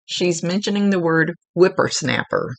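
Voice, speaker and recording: Gravelly-voiced woman giving a psychic reading. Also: lowish voice, animated, normal speed. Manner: gently instructive, relaying messages, with asides. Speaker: psychic medium. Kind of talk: casual spoken reading to a client.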